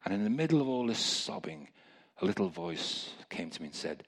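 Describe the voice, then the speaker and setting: A man preaching a testimony sermon, telling stories in a lively way with chuckling asides. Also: low voice, fairly quick, breathy edge. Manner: storytelling, animated, chuckling asides.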